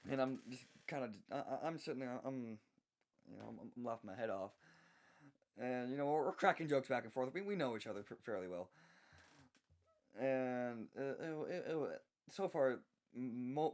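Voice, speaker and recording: A young man from the American South telling an unscripted work story, speaking softly with many halting restarts. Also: mid-range voice, expressive.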